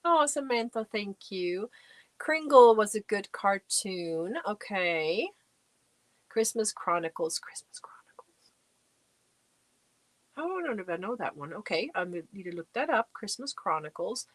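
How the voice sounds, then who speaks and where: A woman's voice: mid-range voice, animated, measured pace, no echo. A middle-aged woman hosting a casual livestream, chatting away and reading out and answering viewer comments. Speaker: livestream host. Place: home crafting space.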